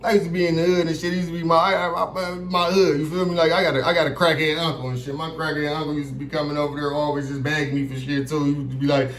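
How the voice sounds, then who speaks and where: A man's voice: a little high, fast talker, hardly any pauses. A young man casually telling a long, profane story straight to his viewers. He keeps checking in with them and acts out other people's lines as he goes. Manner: profane, animated, keeps asking "you feel me". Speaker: vlogger. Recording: roomy echo with faint background noise.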